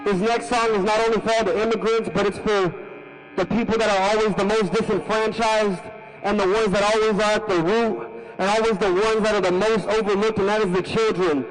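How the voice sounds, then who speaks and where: Rousing high-voiced young musician. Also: male voice, steady tone, fairly quick, low-quality recording. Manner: friendly, rousing, speaks in y'all. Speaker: musician addressing a rally. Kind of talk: speaking to a protest crowd. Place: outdoor street protest.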